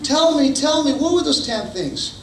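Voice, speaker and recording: A man voicing an eager grandchild begging for a secret, in a high, pleading voice. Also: moderate pace, a little hiss or hum. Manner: begging, excited. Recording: echoey hall, distant mic.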